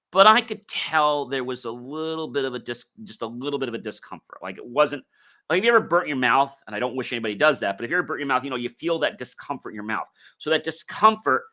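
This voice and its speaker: Bright-voiced man telling a rambling story. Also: medium pitch. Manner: rambling, many fillers and restarts. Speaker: podcast host. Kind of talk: casual storytelling monologue.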